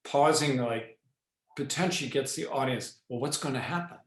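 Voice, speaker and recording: A man speaks as a guest on a podcast, laying out ideas about leadership with a voice of middling pitch. He deliberately slows down, pauses and groups his words for emphasis. The recording carries a noticeable echo from the room. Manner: explanatory, varies pace and pauses deliberately. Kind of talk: podcast interview.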